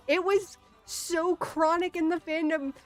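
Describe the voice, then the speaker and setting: A young woman streamer with a high, slightly bright voice launches into a casual, exasperated rant. She swears often and laughs in disbelief.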